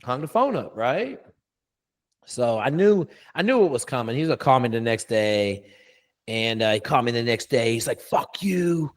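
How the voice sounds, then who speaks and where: A man's voice: medium pitch, animated, moderate pace. A middle-aged man, a coach, telling a story in a casual interview, blunt and profane with lots of emphasis.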